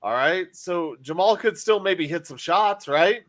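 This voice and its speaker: A man's voice: high voice, animated, measured pace, a bit bright. Rambling, emphatic man on a podcast. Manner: rambling, self-correcting, emphatic. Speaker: podcast host. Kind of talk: casual sports chat.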